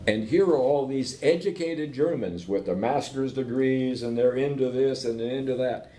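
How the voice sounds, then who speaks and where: In a room with noticeable echo and a faint rumble, a man invited as a professor chats with entrepreneurs, telling animated anecdotes at a normal pace. He keeps pausing to check in with "okay?"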